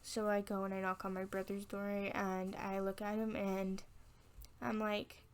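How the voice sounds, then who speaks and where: A woman's voice: medium pitch, monotone, measured pace, smooth. A young woman telling a personal story on her vlog, frank and candid, acting out what people said. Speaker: vlogger.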